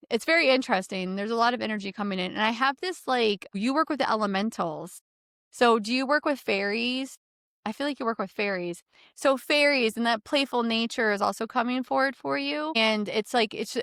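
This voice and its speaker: Woman, energy healer giving a reading; smooth resonant tone, dry close sound, rambling chatty delivery. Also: fairly high pitch, a bit bright, no room sound. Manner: rambling, filler-heavy, laughing easily. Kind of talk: casual spiritual reading.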